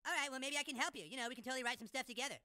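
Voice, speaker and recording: A man's voice: extremely high pitch, racing, smooth, dry recording, studio quality, exaggerated voice. An actor playing a rude, manipulative cartoon boy with a whiny, bratty manner. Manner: whiny, bratty, shouts to trick others.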